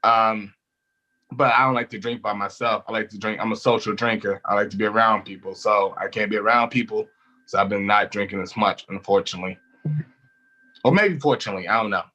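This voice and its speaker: Bright-voiced young man telling stories. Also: lowish voice, a little fast, muffled recording. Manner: animated, laughs often, swears freely. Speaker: comedian guest. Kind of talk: casual storytelling chat.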